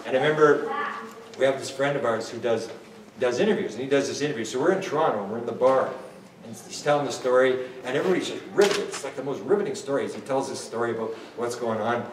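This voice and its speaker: A man in his sixties telling a story as an interview guest, excitable, with many restarts and bits of laughter. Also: medium pitch, fast talker, slight background noise. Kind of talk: animated anecdotal storytelling. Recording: roomy and distant, faint ambience.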